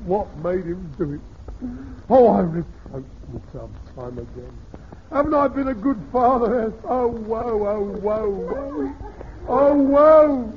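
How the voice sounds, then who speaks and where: A man's voice: on the high side, expressive, a little slow, a little hiss or hum. An actor playing a blustering, scheming older father in a radio sitcom, pompous and hammy in his delivery. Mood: melodramatic. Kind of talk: vintage radio sitcom acting. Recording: dull lo-fi vintage radio recording.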